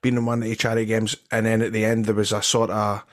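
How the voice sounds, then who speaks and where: A man's voice: lowish voice, completely flat delivery, quick pace. A Scottish man co-hosting a casual football podcast, telling stories and reaching for wrestling comparisons. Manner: storytelling, fond of wrestling analogies. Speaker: podcast co-host. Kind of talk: casual chat.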